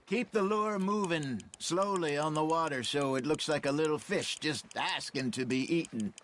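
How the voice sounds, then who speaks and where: An actor playing a wry, seasoned outlaw who spins folksy, unhurried fishing yarns in a video game. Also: male voice, fairly high pitch, fairly bright tone, slight background noise, close to an everyday voice. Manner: folksy, unhurried yarn-spinning.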